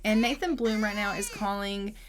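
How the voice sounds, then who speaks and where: A woman's voice: medium pitch, normal speed, noisy background. A woman giving casual, chatty commentary over a life-simulation game, upbeat with frequent "um" fillers. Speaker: gaming channel host. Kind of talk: casual let's-play commentary.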